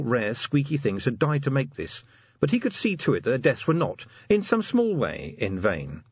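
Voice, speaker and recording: A man's voice: mid-range voice, breathy edge, no echo, highs cut off. A man narrating an audiobook expressively, giving each character a voice.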